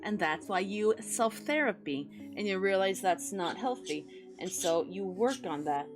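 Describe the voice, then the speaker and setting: Her voice mid-range, expressive and a little slow, a young woman chats casually with her audience over music while drawing. She rambles encouragingly and adds playful sing-song noises.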